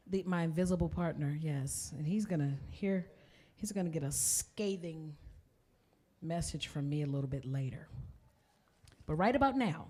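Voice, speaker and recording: A woman comedian bantering playfully with a live audience between songs, teasing them and joking about her performance. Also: lowish voice. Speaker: comedian and singer.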